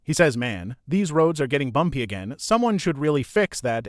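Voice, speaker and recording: Guy narrating a reddit story, slightly high voice, same even tone for every character, close dry mic. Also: moderate pace, few pauses, no room sound.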